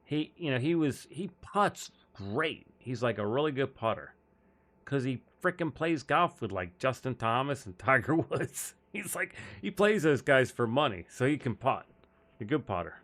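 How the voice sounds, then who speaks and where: Rambling, laughing golf-stream host. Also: male voice, medium pitch, sing-song, normal speed, a bit bright. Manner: rambling storyteller, many restarts and laughs. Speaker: golf instructor hosting a live stream. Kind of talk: casual live-stream chat.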